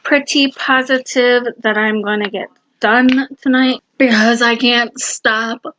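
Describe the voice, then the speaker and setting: A woman giving casual reading-vlog check-ins, excitable and gushing, often repeating herself. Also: on the high side, slow pace, dull audio. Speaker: booktuber.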